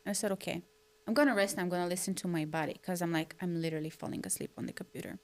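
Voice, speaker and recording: Candid woman, animated storyteller. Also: on the low side, racing. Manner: animated storyteller who acts out her own complaints; candid, self-deprecating. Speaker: podcast co-host. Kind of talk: casual podcast conversation.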